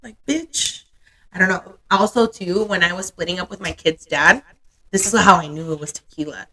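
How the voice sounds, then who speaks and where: Bright-voiced young woman hosting a podcast. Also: fairly low pitch, fairly even intonation, fairly quick. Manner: candid, laughs easily, swears freely. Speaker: podcast host. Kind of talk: casual chat.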